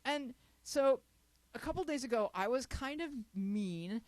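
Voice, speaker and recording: A woman's voice: a little high, animated, a little slow, dry recording. Playful woman hosting a panel chat. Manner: playful, laughs often, reads listener letters aloud. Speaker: host.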